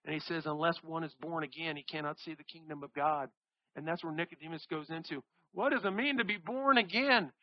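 A man preaching a sermon, reading scripture and acting out the people in the story with animated delivery. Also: fairly high pitch, brisk, no echo, lo-fi sound. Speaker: pastor.

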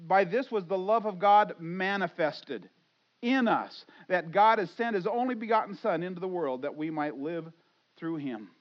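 A middle-aged man preaching a sermon, swinging from loud exclamations to hushed, earnest asides and acting out inner voices. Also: high voice, normal speed, muffled recording. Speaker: pastor.

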